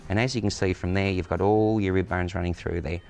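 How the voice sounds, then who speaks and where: A man's voice: low-pitched, steady tone, a little fast, vocal fry, darkish tone. A man, a butcher, explaining outdoors step by step how to prepare a cut of meat. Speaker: butcher guest. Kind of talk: cooking demonstration. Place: outdoors in the sun.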